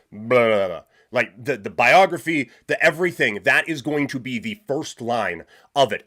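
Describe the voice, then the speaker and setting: A man's voice: mid-range voice, a bit bright. A man hosting a live sports talk stream, ranting emphatically with rhetorical questions and frequent restarts. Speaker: podcast host.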